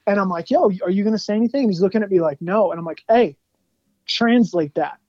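A man guesting on an interview show, telling animated stories in a casual chat, laughing often and saying "like" a lot. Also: high voice, fast talker, no echo, dull audio. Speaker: guest musician.

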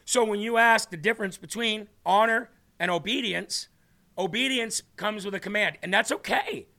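A man with a high, bright voice and a gravelly edge speaks earnestly on a devotional talk show. He preaches with emphasis and keeps circling back to the same phrases to drive them home. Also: moderate pace. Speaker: host of a faith talk show.

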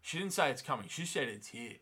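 A man with a bright, forceful voice talks casually as a podcast co-host, swearing freely and acting out what the characters say. His pitch sits in the middle range for a man. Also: brisk, breathy edge. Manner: profane, animated, acts out characters' lines. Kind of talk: casual chat recapping a TV episode.

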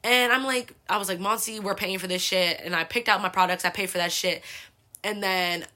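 With a brisk, sharp delivery and a steady mid-range voice, a young Bay Area podcast host tells a casual story. It wanders, is full of profanity, and leans heavily on the word "like."

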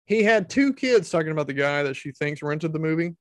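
A man's voice: a little high, expressive, brisk, no echo. A man giving casual comedic commentary, sarcastic and incredulous, swearing freely.

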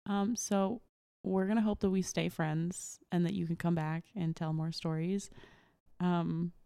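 A woman's voice: fairly low pitch, steady tone, measured pace, dark tone, clear, resonant tone. A young woman hosting a podcast in casual chat with a friend, joking and laughing often and teasing herself. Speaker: podcast host.

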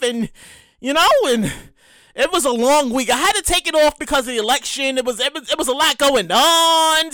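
A man in his thirties hosts his podcast in a loose, rambling way, stumbling over repeated words and cursing casually. His voice sits high and bright. It swings freely up and down. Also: no room sound. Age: 30s. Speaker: podcast host. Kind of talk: casual solo podcast monologue.

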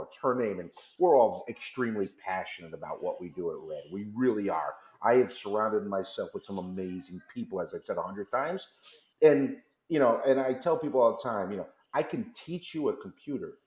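A man's voice: on the low side, fairly quick, darkish tone, echoey room. A man telling a long story as a guest on a radio interview, acting out the back-and-forth of phone calls. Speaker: company founder as guest. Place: radio studio.

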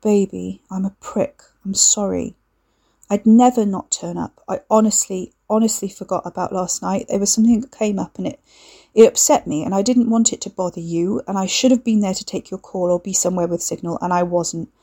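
A woman's voice: medium pitch, fairly even intonation, a little fast, warm tone, breathy edge. A woman reading the lines of a troubled young man who is defensive and apologetic. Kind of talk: audiobook dialogue reading.

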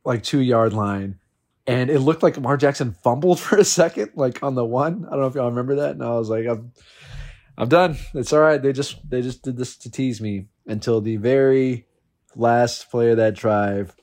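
A man's voice: medium pitch, darkish tone. A man in casual chat, animatedly telling a fantasy football story, swearing and laughing as he goes. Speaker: fantasy football league member.

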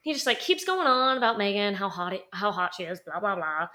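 Podcast co-host, young woman, sassy storyteller, tense bright tone. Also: medium pitch, very animated, fairly quick. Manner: chatty, sassy, laughs often, many "like" fillers. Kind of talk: casual storytelling chat.

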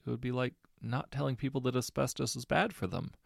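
A man's voice: medium pitch, steady tone, brisk, vocal fry, dry recording, studio quality, pitched above the performer's own voice. A man playing a hesitant, uneasy scientist. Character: hesitant male scientist with a conscience.

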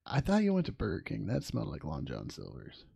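A man co-hosting a podcast in casual chat, teasing and giggly, retelling movie scenes with lively energy. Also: lowish voice, a little fast, creaky, husky. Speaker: podcast co-host.

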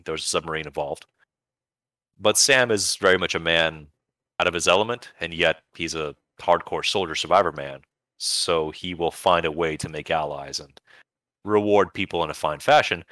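A man's voice: sits low, moderate pace, sharp tone, no room sound. A man co-hosting a podcast, chatting casually and enthusiastically about video games, rambling with bursts of playful emphasis. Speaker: podcast co-host.

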